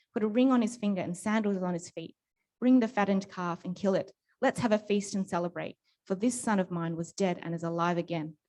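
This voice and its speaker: A woman reads a long scripture passage aloud at a steady, measured pace. Her voice sits a little low. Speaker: scripture reader. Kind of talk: Bible reading.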